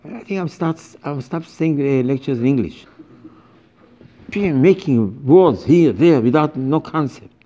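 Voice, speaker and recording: A man's voice: a little high, lively intonation, unhurried, mellow, muffled recording. A man giving an informal religious lecture as a rabbi, speaking emphatically and animatedly in broken English with many repetitions.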